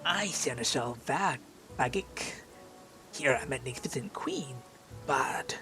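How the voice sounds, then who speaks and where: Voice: mid-range voice, animated, slow, over music. A gamer voicing a tiny, mocking male mite seneschal in a sing-song way. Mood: fawning. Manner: taunting sing-song, fawning.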